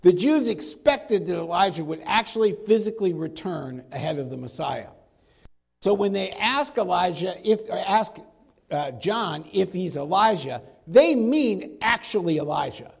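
High-voiced man preaching a Bible study. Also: expressive, moderate pace, vocal fry, husky. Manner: conversational, acts out quoted dialogue with slang. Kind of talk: expository Bible teaching.

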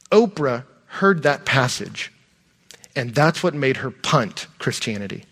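A middle-aged man, a pastor preaching a sermon in a conversational, animated way. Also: mid-range voice, a little slow, breathy edge.

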